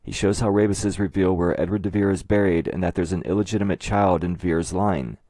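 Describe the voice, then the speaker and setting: A man narrating a scripted explanatory video in a measured, methodical way. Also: deep voice, dark tone, dry recording. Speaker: video essayist.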